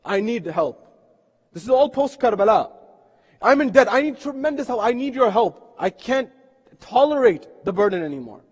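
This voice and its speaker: Preacher doing a desperate guy in debt, begging, high voice, echoey hall. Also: very animated, moderate pace, exaggerated voice. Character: distressed male debtor begging for help. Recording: long reverb of a mosque hall.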